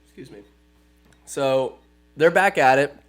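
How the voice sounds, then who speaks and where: A man's voice: mid-range voice, unhurried, a bit bright, smooth. A young man hosting a podcast, giving a profane, joking recap of a movie and putting on silly voices for the characters. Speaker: podcast host.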